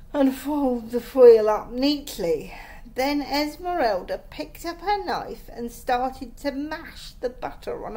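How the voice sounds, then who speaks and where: Woman reading a storybook to her kids, high voice, lively, slow and expressive. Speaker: mother reading to her children. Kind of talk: reading a children's book aloud.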